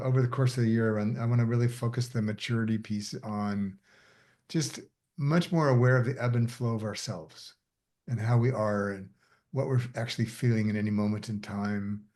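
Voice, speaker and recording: A middle-aged man facilitating a coaching session, speaking softly and haltingly with many fillers. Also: medium pitch. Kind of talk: reflective group discussion.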